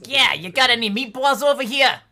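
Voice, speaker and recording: A woman voicing a dim, cheerful, food-obsessed character who rambles loudly and hesitantly. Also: fairly high pitch, animated, fairly quick, soft background music. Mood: hungry.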